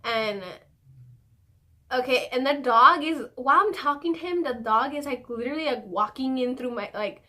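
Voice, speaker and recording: A woman's voice: high voice, moderate pace, sharp tone. A young adult woman telling a story in casual vlog style, chatty and profane, full of fillers. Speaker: vlogger.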